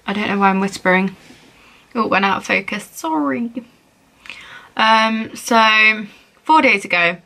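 Slow, bright-voiced woman vlogger. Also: mid-range voice, vocal fry. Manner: playful, giggly, chatty. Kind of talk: playing an interactive phone game, reading messages aloud.

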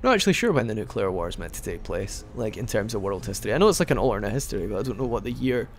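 A man talks his way through a video game in loose, joking commentary, wandering off topic and restarting his sentences. His voice has a gravelly, creaky edge, and a faint hiss sits behind it. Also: on the low side, big pitch swings, very fast, hardly any pauses. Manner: rambling, joking, with frequent restarts. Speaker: gaming video host. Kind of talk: casual let's-play commentary.

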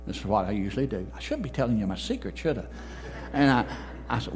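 A man, a pastor, preaching a sermon, telling a story and rising to emphatic, loud peaks. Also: on the low side, sing-song, fast talker, faint music behind. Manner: storytelling, quoting others in changed voices, rising to emphatic peaks. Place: church sanctuary.

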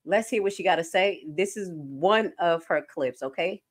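A woman nurse giving casual, animated commentary on clips as a stream host. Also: fairly low pitch, normal speed. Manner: animated, jumps to loud bursts.

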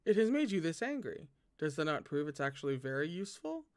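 A man voicing a calm, coolly mocking male god-emperor villain while reading a novel aloud. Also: on the high side, fast talker, no room sound. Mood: smug.

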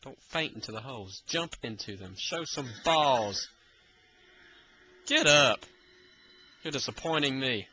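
A man's voice: mid-range voice, animated, normal speed, sharp tone, a little hiss or hum, low-quality recording. A man giving live gameplay commentary, exasperated and repeatedly urging and taunting the enemy. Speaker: let's play gamer.

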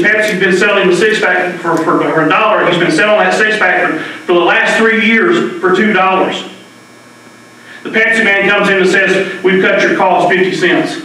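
A man's voice: sits high, bright, forceful tone. A middle-aged man giving an emotional, impassioned speech at a public debate in a library meeting room, often repeating words as he presses his point. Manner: emotional, earnest, repeats words when stirred. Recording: very echoey hall, mic far off.

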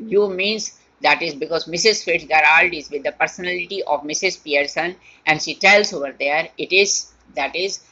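A woman's voice: low-pitched, bright, forceful tone, slightly rough. A woman teacher explaining a play to her class line by line, repeating and rephrasing as she goes. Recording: dull lo-fi recording.

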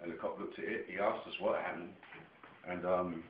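An English man telling a rambling personal story to camera, heavily profane and excitable, dropping to a mutter one moment and nearly shouting the next. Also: low voice, moderate pace. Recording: echoey room, dull lo-fi camera sound, faint noise.

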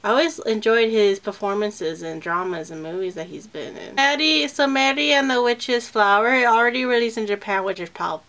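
A woman's voice: a little high, normal speed, hardly any pauses, fairly bright tone. A young woman talking casually to camera in a reaction vlog, chatty and emotional, often trailing off and restarting. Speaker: vlogger reacting to a film trailer.

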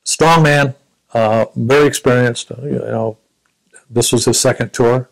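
An older man in his seventies with a gravelly, creaky voice tells stories of his service. He speaks reflectively, often stopping and restarting his sentences. His pitch sits at an ordinary middle height. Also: fairly even intonation, rough recording. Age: 70s. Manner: reflective, halting storytelling with frequent restarts. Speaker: Vietnam War veteran interviewee. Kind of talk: recounting personal memories.

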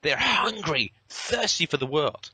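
A man rants in a bright, cutting voice that swings widely in pitch. He is sarcastic, profane and theatrical throughout. The recording is dry and close. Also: big pitch swings, unhurried, husky, no echo. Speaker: podcast host. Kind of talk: impassioned ranting monologue.

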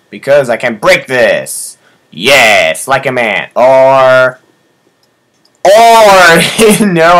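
A young man doing excitable gameplay commentary, swearing and yelping at surprises. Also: medium pitch. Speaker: let's player.

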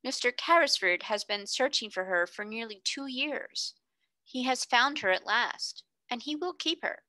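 Casting: a woman playing a cool, exact storybook solicitor, quiet and level with a faintly sly edge, bright dry voice. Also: fairly high pitch, expressive, a little slow, no echo, voice pushed up. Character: calm, precise male solicitor. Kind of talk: audiobook character reading.

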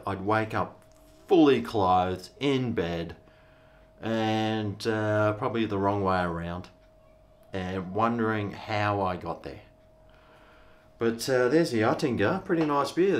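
A middle-aged Australian man, a vlogger, rambling in a laid-back, slangy way while he tastes and reviews a beer. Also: lowish voice. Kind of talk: casual beer review vlog.

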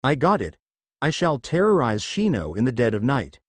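A man's voice: medium pitch, wildly swooping pitch, moderate pace, dry recording. A man voicing a mischievous young ninja in his own voice, carefree and prankish. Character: cheerful mischievous boy ninja.

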